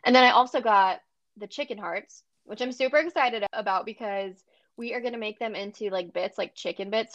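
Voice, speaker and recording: A woman's voice: medium pitch, fairly bright tone, no echo, muffled recording. A woman co-hosting a podcast in casual chat, enthusiastic and gushing, laughing easily. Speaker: podcast co-host.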